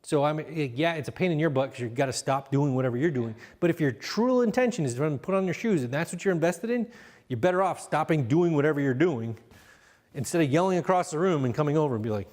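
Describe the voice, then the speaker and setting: Calm man coaching parents, slightly high. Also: quick pace. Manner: calm, affirming, acts out level-toned examples. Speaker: seminar leader. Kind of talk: coaching parents in a live seminar.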